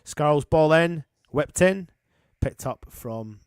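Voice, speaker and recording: A man's voice: a little high, animated, takes it slowly, clear, resonant tone, no room sound, studio quality. Chatty man hosting a watchalong. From England. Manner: chatty and matey, breaks off commentary to greet viewers. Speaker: fan channel host doing a live match watchalong. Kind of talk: live match commentary mixed with reading out viewer comments.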